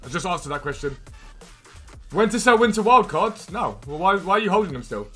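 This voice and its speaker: A man hosting a live game stream, chatting casually and quickly answering viewers' questions from chat. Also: sits high, big pitch swings, bright, forceful tone, faint music behind.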